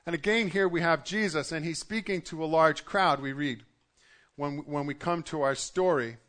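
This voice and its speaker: A man's voice: a little high, moderate pace, a bit bright. A middle-aged man preaching a sermon to his congregation in a conversational way, often restarting his sentences. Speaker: pastor.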